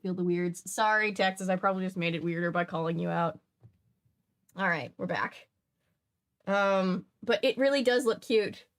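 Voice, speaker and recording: With a fairly low pitch and normal speed, a woman streamer chats casually while reading comics aloud. She often trails off and restarts her sentences.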